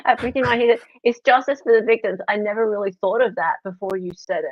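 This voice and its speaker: A woman from Australia hosts a relaxed stream, chatting and teasing between comments. The sound is close and dry, with a slightly dull, lo-fi quality. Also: medium pitch, fast talker, no echo. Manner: chatty, teasing, laughs often. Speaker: stream host. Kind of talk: casual live-stream chat, reading comments aloud.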